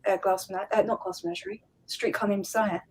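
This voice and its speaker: An English woman with an English accent, a guest actor talking in a lively way on a panel. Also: medium pitch, fast talker, gravelly, husky. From England. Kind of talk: casual roundtable chat.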